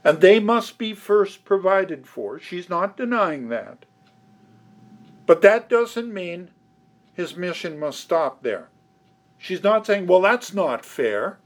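A man preaching an expository sermon, slow and deliberate, with emphatic stresses and occasional restarts. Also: high-pitched, big pitch swings.

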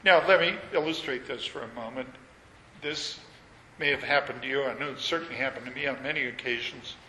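A man preaching a sermon, measured and emphatic, leaning on repetition. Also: mid-range voice, pushed and bright, a little hiss or hum. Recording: echoey hall with long reverb.

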